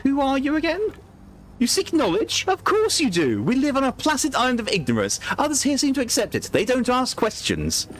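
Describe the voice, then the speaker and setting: A man's voice: extremely high pitch, huge pitch swings, brisk, a bit bright, slight background noise, voice pushed up, exaggerated voice. A man voicing a manic male clown with an octopus head, talking in a grandiose, theatrical, sing-song way.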